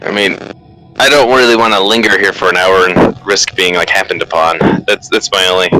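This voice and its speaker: A man's voice: deep voice, brisk, poor audio. A man playing a tabletop game with friends, chatting casually and joking about his dice rolls. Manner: animated, joking. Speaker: player.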